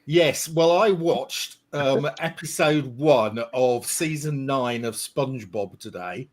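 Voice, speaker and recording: A man's voice: medium pitch, slow. A man with a British accent co-hosting a podcast, chatting in a dry, teasing way. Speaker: podcast co-host. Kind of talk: casual podcast chat.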